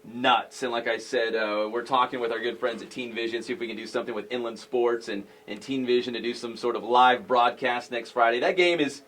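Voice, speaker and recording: A man hosting a sports talk show, speaking in an excitable, jokey way. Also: medium pitch, a little fast, hardly any pauses.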